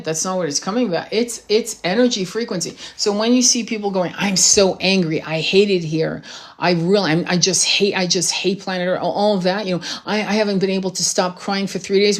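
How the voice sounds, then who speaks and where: A woman giving an impassioned spiritual monologue to her audience, blunt and profane, with emphatic rhetorical asides. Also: on the low side. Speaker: spiritual channel host.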